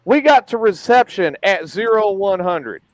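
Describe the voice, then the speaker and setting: A man's voice: sits high, big pitch swings, unhurried, dry recording. A man hosting a podcast, telling an emphatic, profane army story in casual chat.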